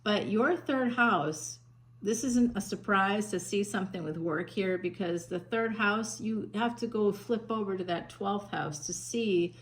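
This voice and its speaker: In an unhurried, medium-pitched voice, a psychic woman gives a friendly, chatty tarot reading sprinkled with endearments, fillers and restarts. Her Northern US accent slips toward Southern, captured on a low-quality recording.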